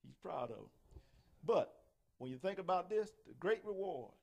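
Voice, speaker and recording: A male pastor preaching a sermon, folksy and animated, acting out the voices he quotes. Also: sits high, normal speed, vocal fry.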